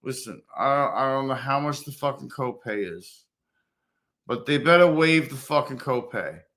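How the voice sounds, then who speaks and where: A motovlogger in his fifties chats casually while livestreaming to viewers, rambling, swearing, and mimicking other people in a raised voice. His mid-range voice is expressive and fairly bright, at a moderate pace.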